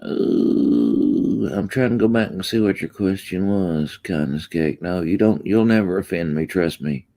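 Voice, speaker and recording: Deep, mellow male livestream host, easygoing drawl with lots of ums. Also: normal speed, hardly any pauses. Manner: laid-back, drawling, trailing off with ums. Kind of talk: casual livestream chat reading comments.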